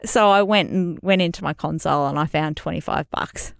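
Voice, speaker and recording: A woman co-hosting a casual podcast, telling an animated, self-deprecating story. She laughs easily, and her voice sits slightly low. The sound is dry and close. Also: fairly quick, gravelly, no echo. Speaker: podcast co-host.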